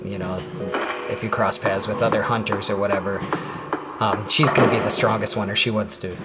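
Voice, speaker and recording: This is a man with a very low voice hosting a casual let's play. He retells the story loosely, leaning on fillers. Loud game music plays underneath him. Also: fairly even intonation, fairly quick. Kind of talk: casual gameplay commentary.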